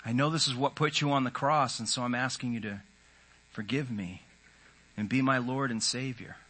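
A man's voice: medium pitch, fairly even intonation, brisk, pushed and bright. A man preaching a sermon in an earnest, conversational way, often voicing the inner thoughts of his listeners. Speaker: pastor.

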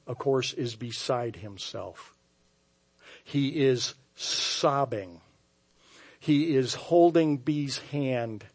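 A man preaching a sermon as pastor, telling a story with wry, self-mocking humor and swinging from hushed tones to loud outbursts. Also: medium pitch. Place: church sanctuary.

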